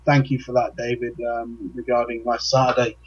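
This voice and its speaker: A man co-hosts a casual chat in a husky voice, starting and restarting his sentences often. The sound is dull and lo-fi. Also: mid-range voice, completely flat delivery. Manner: halting, many fillers and restarts. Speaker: co-host.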